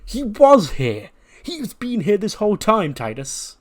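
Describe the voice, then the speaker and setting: A man voicing a flustered young male wrestler, talking high and stammering. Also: fast talker, close to an everyday voice.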